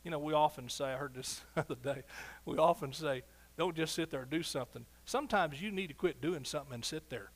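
A middle-aged man preaching a sermon as pastor, animated, swinging between soft asides and loud exclamations. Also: a little high, fast talker.

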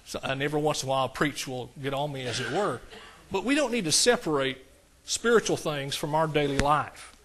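A middle-aged man with an East Texas accent preaching a conversational sermon in a church, folksy and plain-spoken, calling for amens and rising higher and louder on the points he stresses. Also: lively intonation, brisk. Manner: folksy, calls for amens, rises high and loud on emphatic points. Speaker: pastor.

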